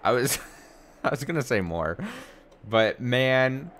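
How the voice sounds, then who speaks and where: A man's voice: mid-range voice, expressive, slow pace, a bit bright, slight background noise. A man streamer reading a visual novel aloud and breaking off to react and joke. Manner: reads narration, then breaks off to react and joke. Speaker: let's play streamer. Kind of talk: reading a game aloud with commentary.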